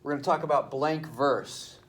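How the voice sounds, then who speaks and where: A man's voice: on the high side, moderate pace, noisy background. A male teacher explaining a poetry assignment to his class at the board in a casual, chatty way.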